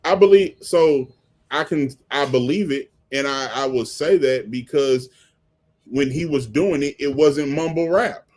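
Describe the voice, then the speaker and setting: A man hosting a podcast, talking in an animated way and repeating words when he gets excited. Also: fairly high pitch, a little slow. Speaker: podcast host. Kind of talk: casual chat, music commentary.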